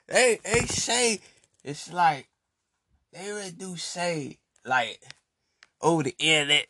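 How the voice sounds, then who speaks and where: Laughing, mocking man with a bright voice. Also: on the high side. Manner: mocking, laughs often, repeats himself. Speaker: vlogger. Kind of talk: casual rant to viewers. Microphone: desk mic.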